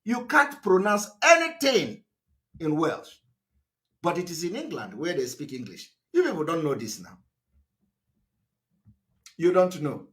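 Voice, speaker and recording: Male broadcaster, high bright voice, emphatic speech with repeated rhetorical questions. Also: sing-song, unhurried, pauses often. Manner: emphatic, repetitive, asks the audience rhetorical questions; fillers and restarts, pitch swings up and down. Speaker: political broadcaster. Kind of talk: live political broadcast speech.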